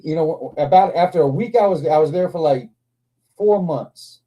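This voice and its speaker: A man's voice: fairly high pitch, moderate pace, dark tone, rough recording. A man in his forties hosting a livestream, telling rambling, profane stories with frequent laughter. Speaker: livestream host. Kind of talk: casual storytelling chat.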